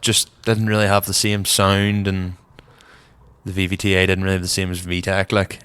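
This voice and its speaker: A young man with a Northern Irish accent co-hosting a casual car podcast, rambling in a relaxed way, trailing off softly, and feeling cold. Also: low-pitched, moderate pace, smooth. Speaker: podcast co-host. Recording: long reverb.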